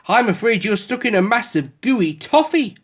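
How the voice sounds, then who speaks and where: A woman reading a storybook aloud, voicing a helpful grown-up man with a calm, practical manner. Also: on the high side, normal speed, pitched above the performer's own voice. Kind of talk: storybook voice acting.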